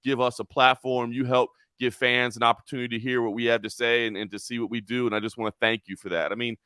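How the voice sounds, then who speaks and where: A man co-hosting a casual sports talk show, animated and often repeating words as he gathers his thoughts. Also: mid-range voice, fast, smooth, no room sound, studio quality. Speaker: co-host, sports commentator.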